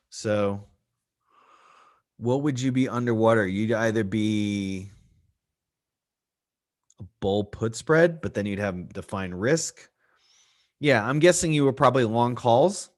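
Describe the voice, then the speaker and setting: Middle-aged guy running a live trading stream, chatty, keeps repeating stuff to make his point, mid pitch. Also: expressive, slow, long pauses. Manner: conversational, answers chat questions, repeats points for emphasis. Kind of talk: live market analysis stream.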